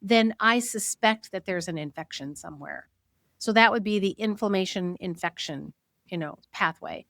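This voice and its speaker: A woman's voice: medium pitch, normal speed, vocal fry, fairly bright tone, dry recording, studio quality. A woman host teaching fellow practitioners in a conversational, explanatory way, often quoting what patients say. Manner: chatty, explanatory, quotes patients in a lifted voice.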